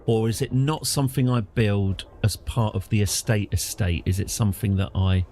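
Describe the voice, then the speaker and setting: This middle-aged streamer runs a live strategy-game broadcast on his channel, chatting wryly and self-deprecatingly with frequent fillers. His voice is on the low side and dark, at a moderate pace, with a little hiss or hum in the audio.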